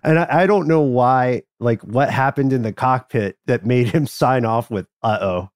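A man's voice: medium pitch, moderate pace, no room sound, studio quality. A man co-hosting a casual podcast chat, telling stories with frequent laughs and asides. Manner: storytelling, laughs often, trails off into asides. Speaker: podcast co-host.

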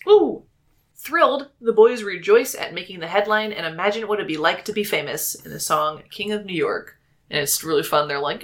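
A woman's voice: fairly low pitch, lively intonation, normal speed. A woman co-hosting a casual podcast, recapping a stage musical's plot with lots of laughs and fillers. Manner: giggly, upbeat, lots of "like". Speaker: podcast co-host.

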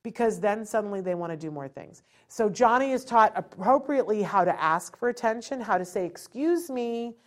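Brief: lively woman teaching parents, acts out quotes, mid-pitched voice. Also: brisk, few pauses. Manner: animated, acts out quotes, asks rhetorical questions. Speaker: parent educator. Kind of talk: informal teaching talk.

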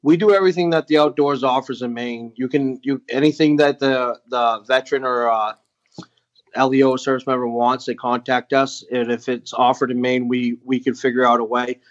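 A man telling a heartfelt story as a podcast guest, earnest and halting with many fillers. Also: medium pitch, fairly even intonation, dry recording, dull audio. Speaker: guest, veteran nonprofit founder.

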